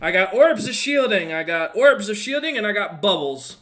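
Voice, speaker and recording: A man doing a pushy fantasy street merchant, loud and brusque, pitched up high from his usual voice. He rattles off a hard-sell patter about his goods. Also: expressive, normal speed. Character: pushy male street merchant hawking wares.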